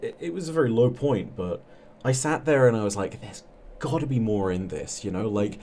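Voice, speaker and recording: A man being interviewed as a guest on a podcast. He talks reflectively about how he came to storytelling, with a measured delivery and many fillers. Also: medium pitch, animated, mellow, slight background noise.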